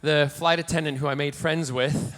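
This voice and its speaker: A man in his forties, a celebrity guest at a convention panel, telling bawdy, campy anecdotes to the crowd with energetic restarts and playful jokes. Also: a little high, normal speed. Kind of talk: live convention Q&A storytelling. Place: large convention hall panel room. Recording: echoey hall with faint noise.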